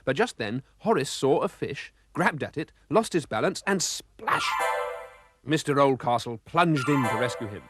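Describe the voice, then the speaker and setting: A man narrating a children's storybook cartoon, expressive and voicing the sound effects himself. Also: mid-range voice, normal speed, few pauses, over loud music.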